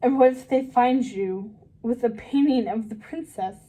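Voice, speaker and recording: A sly male rat murmurs coaxing suggestions, as a woman reading a storybook puts him on. His voice is soft and mellow, and he speaks slowly. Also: fairly high pitch, low-quality recording.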